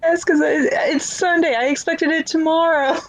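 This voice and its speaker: A woman co-hosting a casual podcast, chiming in with quick, animated remarks and questions. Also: very high voice, faint music behind, low-quality recording. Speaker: podcast co-host.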